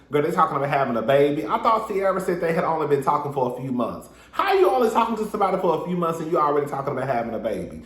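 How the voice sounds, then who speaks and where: A man giving a sassy, animated casual recap of a reality show, talking straight to his viewers. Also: high-pitched, echoey room. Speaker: reality TV reviewer.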